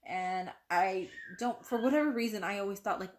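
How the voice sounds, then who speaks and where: A young woman recounting a personal story straight to the camera at home. Her pitch sits mid-range for a woman, and she leans into quoted dialogue with a lively, conversational delivery, peppered with "like". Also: brisk, hardly any pauses. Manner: animated, acts out quoted voices, frequent "like". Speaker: vlogger.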